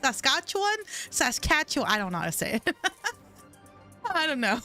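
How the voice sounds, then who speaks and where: A woman's voice: mid-range voice, big pitch swings, normal speed, vocal fry, bright, forceful tone, faint music behind. A young American woman streaming live, chatting casually with viewers, laughing often and trailing off mid-sentence. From United States.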